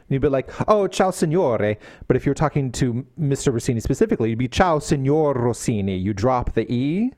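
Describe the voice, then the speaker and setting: A man in casual podcast chat, ranting with lively energy and frequent laughs. His pitch swings widely from low grumbles to high bursts. The sound is dry and close. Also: no echo. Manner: animated, ranting, laughs often. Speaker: podcast co-host.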